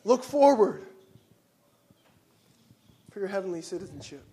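Pastor, man, higher voice, fervent sermon delivery with hushed and loud swings. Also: very animated, measured pace. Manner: passionate preaching, swings from hushed to loud exclamations. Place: church sanctuary.

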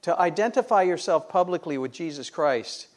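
Preaching a sermon to his congregation, a middle-aged pastor with a slightly higher-than-usual male voice keeps posing rhetorical questions and answering them himself with rising emphasis. He sounds animated and a little mellow, at normal speed.

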